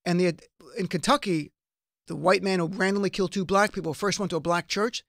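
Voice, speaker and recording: Man, talk show host, high voice, dry close sound, emphatic, rhetorical. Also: fairly even intonation, brisk, gravelly, a bit bright, no echo. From United States. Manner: impassioned, emphatic, rhetorical questions. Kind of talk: political commentary.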